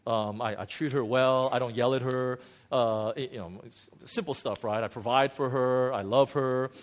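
A man's voice: mid-range voice, steady tone, moderate pace. A man who is a pastor, telling a candid, self-mocking story from his own marriage in a sermon, with many restarts and fillers. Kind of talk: sermon testimony.

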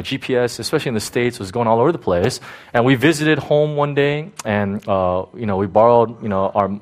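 A man preaching a sermon in a loose, conversational way, tossing in frequent asides and checking in with the congregation. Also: medium pitch. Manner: conversational, lots of "you know" and "right?". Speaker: pastor.

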